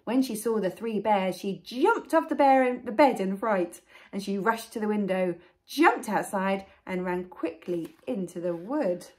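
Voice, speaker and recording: A woman, a nursery teacher, reading a storybook to young children with an expressive, gently coaxing manner and soft asides. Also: medium pitch, measured pace.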